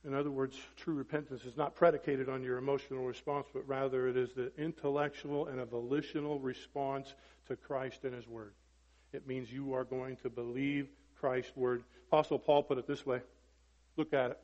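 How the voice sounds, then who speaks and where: A man preaching a sermon emphatically, peppering it with rhetorical questions and swinging from loud to hushed. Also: mid-range voice, flat delivery, moderate pace. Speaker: pastor. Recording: dull lo-fi recording with long hall reverb.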